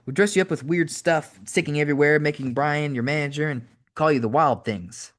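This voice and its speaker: A man voicing a fast-talking, excited male wrestling manager in an audiobook, with a rapid machine-gun delivery. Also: on the high side, voice pushed up.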